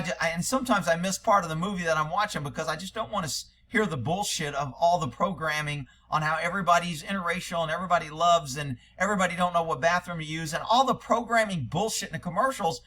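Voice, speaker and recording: A man's voice: high voice, a bit bright. A middle-aged man, a former police officer, giving blunt, profane casual commentary and laughing often.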